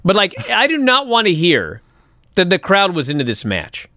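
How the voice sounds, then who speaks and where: A man's voice: sits high, wildly swooping pitch, normal speed, bright, forceful tone, dry recording, clean studio sound. A man co-hosting a casual wrestling talk show, bantering sarcastically. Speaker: podcast co-host.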